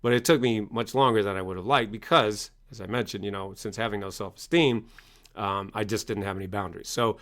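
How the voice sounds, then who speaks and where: A man, a coach and speaker, answering in an interview with lively storytelling. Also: lowish voice, a little fast. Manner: animated storytelling, acts out quoted parents loudly.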